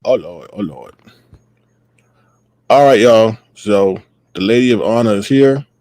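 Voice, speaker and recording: A man's voice: fairly low pitch, lively intonation, measured pace, dark tone, no echo. A man hosting a casual livestream, greeting viewers by name in a loose, playful way. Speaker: livestream host.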